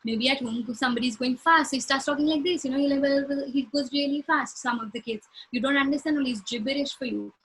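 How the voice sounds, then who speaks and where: A woman's voice: high voice, fast, hardly any pauses, a bit bright, poor audio. A woman speech therapist answering clinical questions in casual conversation, explaining with examples and acting out short phrases as she would say them to a child. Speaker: speech-language pathologist.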